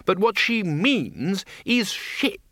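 A man's voice: high voice, expressive, slow, a bit bright, no room sound, clean studio sound, voice pushed up, heavily acted. Ridcully, a man doing a blustering old wizard chief. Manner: gruff, indignant, sputtering. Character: blustering loud older male wizard chief.

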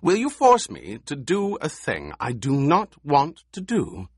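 A man's voice: fairly high pitch, wildly swooping pitch, unhurried, slightly rough, no echo, studio quality, pitched above the performer's own voice, exaggerated voice. A man doing a silky, menacing baron. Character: scheming menacing male baron, smooth and cold.

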